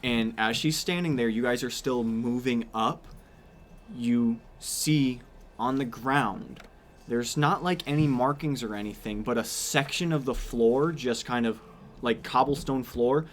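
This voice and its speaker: A man's voice: mid-range voice, unhurried, slight background noise. A man narrating as game master, describing scenes casually with many fillers.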